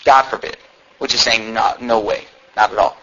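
A man's voice: fairly low pitch, fairly even intonation, normal speed, pushed and bright. A man preaching a sermon, reading scripture aloud and building emphasis as he explains it. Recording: dull lo-fi sound.

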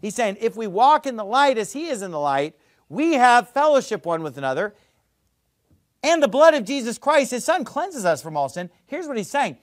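A man preaching from the pulpit with a high voice that leaps all over the place. He hammers his points, then drops low and hushed. The sound is close and dry. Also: big pitch swings, moderate pace, no room sound. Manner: emphatic, swings between loud and low, mimics others mockingly. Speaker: pastor. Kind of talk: sermon.

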